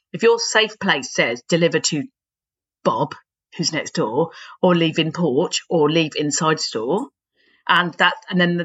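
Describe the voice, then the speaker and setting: Bright-voiced British woman explaining. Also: deep voice, breathy edge, dull audio. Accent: British English. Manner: explains patiently, laughs easily. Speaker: podcast co-host, consumer rights expert. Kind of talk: casual chat.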